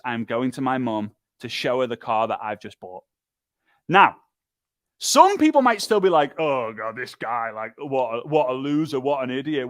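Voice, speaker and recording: A man giving an energetic, emphatic motivational training talk, full of repetition and quick mimicry. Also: fairly high pitch, dry recording, studio quality. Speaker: speaker and business trainer.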